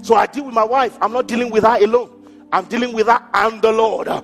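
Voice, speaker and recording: A man's voice: sits high, fairly even intonation, fairly quick, vocal fry, a bit bright. A man pastor preaching a sermon in a church hall, acting out the people he quotes and laughing between his points. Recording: church hall with long reverb and faint music.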